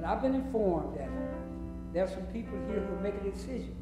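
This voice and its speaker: A woman's voice: medium pitch, lively intonation, quick pace. A woman preacher delivering a fervent sermon to a congregation. She repeats phrases for emphasis, chuckles often and acts out scenes as she goes. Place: church hall with congregation. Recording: echoey hall, music behind.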